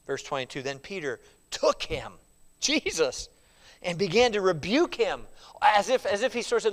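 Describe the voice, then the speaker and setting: A man teaching a Sunday school Bible study as pastor, acting out quoted lines with lively feeling and at times dropping to a quiet, confessional tone. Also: high-pitched, moderate pace. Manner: animated, acts out quoted speech.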